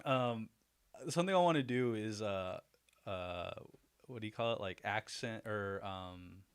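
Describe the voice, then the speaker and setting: A man's voice: on the low side, measured pace, clear, resonant tone. A man hosting a casual livestream, chatty and self-deprecating, laughing often as he talks to his viewers. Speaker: livestream host.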